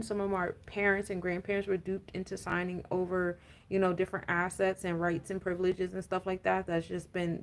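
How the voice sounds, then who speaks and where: A spiritual coach and tarot reader, a woman with a medium-pitched voice and vocal fry, rambles casually about astrology and tarot. Her talk is full of fillers and breaks into laughing rants.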